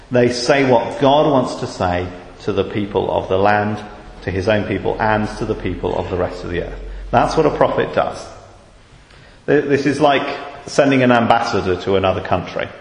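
A British man delivers a sermon at an unhurried, deliberate pace, lifting into fervent emphasis on key words. His voice rings through a big echoey hall with a long reverb tail. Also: on the low side. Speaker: preacher.

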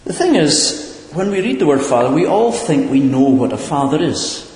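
A man's voice: on the high side, sing-song, normal speed, a little mellow. A man preaching in an earnest, questioning way, often repeating a word as he searches for the next. His voice carries through a large hall with a long, reverberant tail. The recording is roomy and distant. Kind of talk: sermon. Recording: echoey hall, far from the mic.

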